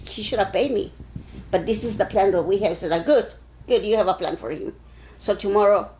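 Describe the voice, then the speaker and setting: An older woman from Arizona being interviewed, telling stories in a casual, animated way and acting out the voices of the people in them. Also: fairly low pitch, a little hiss or hum, poor audio. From Arizona, USA. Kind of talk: casual storytelling.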